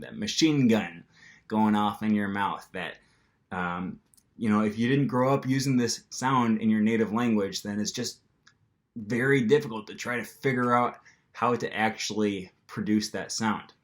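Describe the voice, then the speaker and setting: A man with an American accent teaching pronunciation to camera in a casual manner, with frequent ums, and acting out the sounds himself. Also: lowish voice. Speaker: language teacher.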